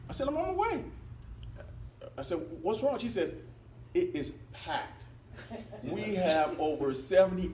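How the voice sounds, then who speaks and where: A man tells a lively personal story to a meeting, acting out other people's words and laughing along the way. He sounds a little far from the microphone, and the hall adds a roomy echo over a faint murmur of ambience. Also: fairly high pitch, a little hiss or hum. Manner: animated, breaks into laughter, acts out quotes. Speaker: speaker at a club meeting. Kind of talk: storytelling talk.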